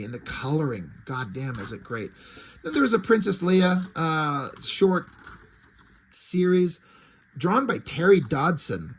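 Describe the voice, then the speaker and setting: Male comic reviewer, laid-back, profane, lots of ums. Slightly high voice. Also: slightly rough. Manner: casual and profane, with many fillers. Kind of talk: casual chat.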